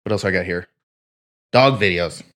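A man's voice: deep voice, normal speed, a bit bright. A man in casual podcast chat, telling rambling stories and swearing freely. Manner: profane, rambling storyteller. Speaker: podcast co-host.

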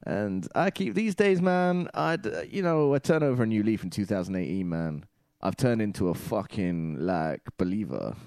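Playful man with a bouncy low voice. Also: lively intonation, normal speed, darkish tone, smooth, dry recording. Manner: playful, rambling, swears casually. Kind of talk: casual chat.

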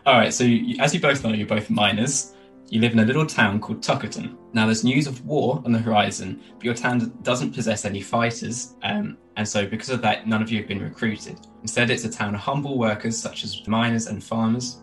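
A man's voice: lowish voice, steady tone, a bit bright, faint music behind, low-quality recording. A man acting as game master, joking with players and setting up the story. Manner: laughs often, quick banter. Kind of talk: casual tabletop game narration.

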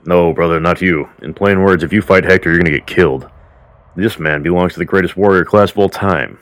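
A man's voice: deep voice, brisk, fairly bright tone, no echo. A man voicing a blunt, plain-spoken king warning his brother. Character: blunt male king, protective older brother.

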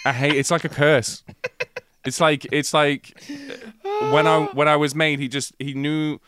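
A man's voice: on the high side, flat delivery, fairly bright tone, slight background noise. A man co-hosting a podcast, ranting and joking with frequent swearing in casual chat. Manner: swearing, ranting, quick jokes. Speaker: podcast co-host.

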